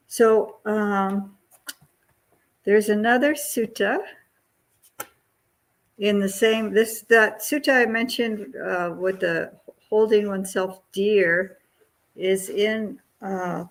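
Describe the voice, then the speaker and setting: A Buddhist nun giving a dharma talk, who hesitates, searches for words and laughs lightly. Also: female voice, medium pitch, gravelly, low-quality recording.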